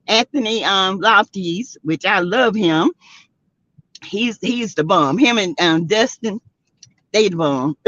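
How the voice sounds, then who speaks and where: A sassy Southern woman hosts a laid-back gossip stream, her voice lively and swooping as she laughs and calls out to viewers. She talks slowly and sits fairly high for a woman. The sound is dry and a little dull, like a lo-fi home setup. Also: dry recording. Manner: sassy, laughs a lot, greets viewers by name. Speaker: live-stream host. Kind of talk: casual gossip chat.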